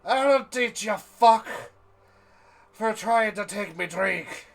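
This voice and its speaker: A man voicing a brash, hard-drinking, muscular male dwarf brawler who talks loud and rough and says "me" for "my". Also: high voice, slow, pitched above the performer's own voice. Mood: angry.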